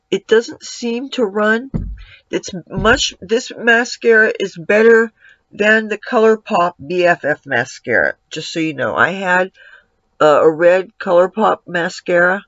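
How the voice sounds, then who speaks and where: A man's voice: sits high, a bit bright, no room sound. A man giving a casual makeup tutorial at home, rambling and breaking off to talk to his cat. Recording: dull lo-fi, dry sound.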